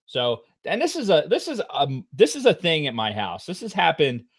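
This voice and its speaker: A middle-aged man co-hosting a podcast, telling a long story in a casual, profane way with loud outbursts. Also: on the high side, wildly swooping pitch, moderate pace, breathy edge. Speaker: podcast co-host.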